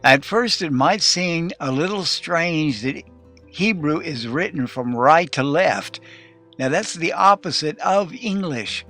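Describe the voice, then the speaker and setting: Male teacher, slightly raised pitch, patient lesson delivery with slow sounded-out words, soft music behind. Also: animated. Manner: explanatory, slows to spell out Hebrew words. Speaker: Hebrew teacher. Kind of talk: recorded lesson.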